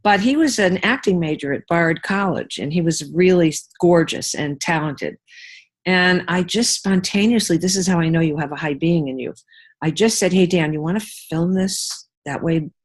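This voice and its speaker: A woman's voice: fairly low pitch, normal speed. An older woman, an interview guest, telling personal stories and acting out the voices of people she quotes. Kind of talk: interview conversation.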